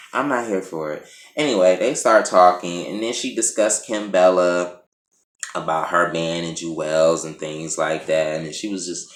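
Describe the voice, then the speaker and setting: A man's voice: low-pitched, fairly bright tone. A man giving a sassy, profane, casual recap of a reality show episode in his vlog. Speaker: TV recap vlogger. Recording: roomy echo.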